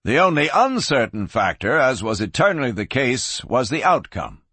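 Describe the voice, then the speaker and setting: A man narrating a western with a husky, lively voice that rises and falls with the action. He slows down for tense moments and tells the story with drama. Dry, close-miked sound. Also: mid-range voice, no room sound. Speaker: audiobook narrator.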